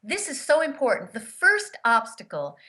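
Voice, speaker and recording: A grief therapist and author, appearing as an interview guest, shares personal stories in a fairly high voice at a moderate pace. She is earnest and emphatic, a lively storyteller who performs the voices of the people she quotes.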